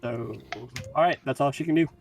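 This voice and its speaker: A man's voice: fairly high pitch, brisk, a little mellow, recorded from a distance, faint music behind. A man acting as dungeon master, making casual rulings with restarts. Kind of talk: running a tabletop game.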